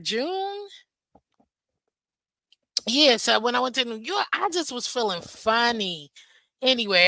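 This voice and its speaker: A woman's voice: a little high, pushed and bright, no room sound. A woman guest in a casual chat, telling a rambling story with many fillers.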